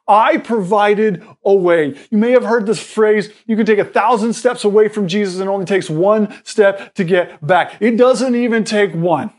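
A man delivers a sermon in a notably high voice. He speaks earnestly and explains patiently. He often trips over and restarts his words. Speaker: pastor.

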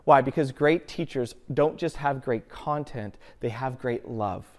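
A man's voice: medium pitch, unhurried. A man preaching a sermon as a pastor, earnest, often asking himself a rhetorical question and answering it.

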